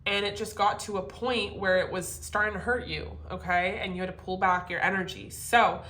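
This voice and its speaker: A woman giving a casual tarot reading to camera, animated and profane, laughing often. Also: mid-range voice, moderate pace, echoey room. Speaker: tarot reader.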